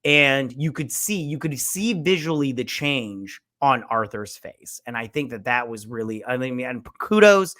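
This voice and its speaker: A man hosting a casual spoiler movie review, rambling and profane, full of fillers, who acts out lines with sudden jumps in pitch and loudness. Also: expressive, measured pace, few pauses.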